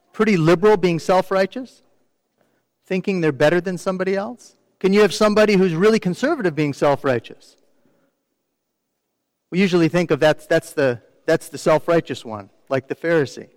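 A man preaching a sermon in a high voice, talking to the congregation conversationally and often asking them questions. His voice carries a long reverb from a big room, but the sound close to the mic is dry. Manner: mimics complainers in quoted asides. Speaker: pastor.

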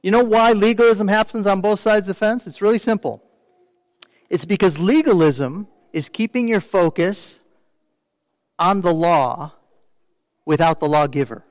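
High-voiced man preaching in a reverberant church. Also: measured pace, long pauses. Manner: conversational preaching with frequent rhetorical questions to the congregation; mimics complainers in quoted asides. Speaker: pastor. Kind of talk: sermon.

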